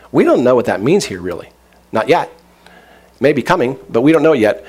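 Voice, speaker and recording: Male pastor, husky tone, casual joking sermon delivery. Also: medium pitch. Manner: conversational, joking preacher who acts out voices.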